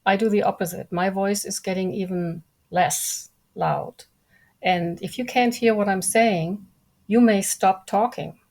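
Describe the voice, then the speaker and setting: Calm, measured woman with slight gravel. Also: mid-range voice. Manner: calm, measured, deliberate speech. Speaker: guest. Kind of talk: conversational interview.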